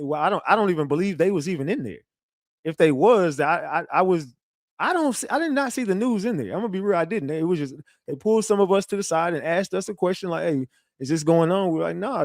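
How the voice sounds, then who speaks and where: A man's voice: high-pitched, no echo, studio quality. A man ranting casually on a livestream. He is defensive and boastful, swears a lot and talks straight to his chat with many restarts. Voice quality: profane, animated, repetitive restarts. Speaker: livestream commentator.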